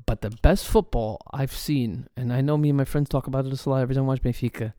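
A man's voice: medium pitch, quick pace, dry recording, studio quality. A man hosting a casual solo soccer talk, ranting as a fan with lots of swearing and filler words. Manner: swears a lot, animated fan rant; many fillers and restarts. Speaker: soccer podcast host.

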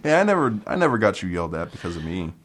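A man's voice: deep voice, sing-song, a crowd in the background. A man co-hosting a podcast in casual chat, drawling his work stories, laughing and swearing. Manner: slow, drawling, laughing, profane. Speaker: podcast co-host.

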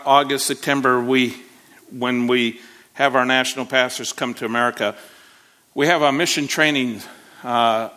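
A man's voice: medium pitch, sharp tone. A man preaching a sermon, telling a story with rising animation and frequent restarts. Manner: repeats words, frequent restarts.

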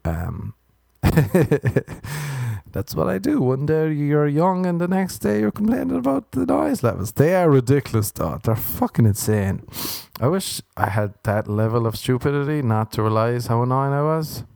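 A man's voice: mid-range voice, animated, measured pace, creaky, darkish tone, no echo, studio quality. A man with an Irish accent delivering a sardonic, profane comic rant, mocking himself as he goes.

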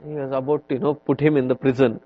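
A man giving a spiritual lecture on scripture, telling stories in an unhurried, conversational way with many "you know" fillers. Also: mid-range voice, little pitch movement. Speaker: swami teaching scripture. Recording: dull lo-fi recording.

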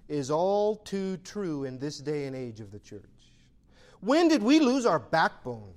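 A male pastor preaching a sermon, exhorting with emphatic rhetorical questions. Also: high voice.

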